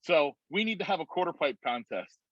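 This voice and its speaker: A man talks over a video call, rambling and animated, with a slightly raised pitch. The room sounds dry and close, and the call audio is muffled and dull. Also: a little fast, no echo. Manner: rambling, animated retelling with many "like"s. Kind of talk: casual storytelling on a video call.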